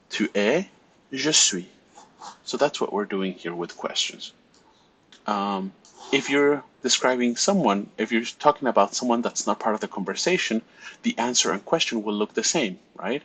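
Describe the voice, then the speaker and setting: A man's voice: mid-range voice, animated, measured pace, a bit bright, breathy edge, low-quality recording. A man teaching a French class, explaining grammar step by step and often checking in with "right?". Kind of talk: recorded classroom lecture.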